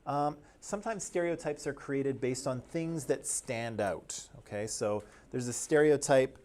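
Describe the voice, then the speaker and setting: A man's voice: medium pitch, measured pace, a little mellow, a little hiss or hum. A man from Canada teaching a class, explaining things step by step and checking in with his students. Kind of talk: classroom lecture.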